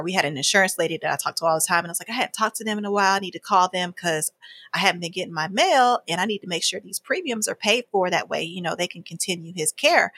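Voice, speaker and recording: A woman's voice: fairly low pitch, slightly rough, dry recording. A woman, a guest telling a personal story in casual conversation, acting out what people said. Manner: animated, acts out quoted dialogue with frequent laughs.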